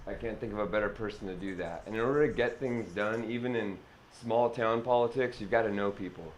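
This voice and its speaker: Male supporter, lowish voice, earnest and rambling, faint noise behind. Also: poor audio. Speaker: local supporter giving an endorsement. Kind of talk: informal spoken endorsement.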